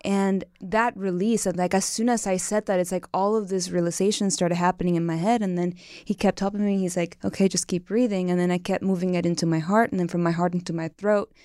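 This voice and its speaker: Woman guest, intimacy coach, earnest and animated, conversational. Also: fairly low pitch, brisk, few pauses, clear, resonant tone, no room sound, studio quality. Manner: earnest, expressive, animated storytelling. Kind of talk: casual interview chat.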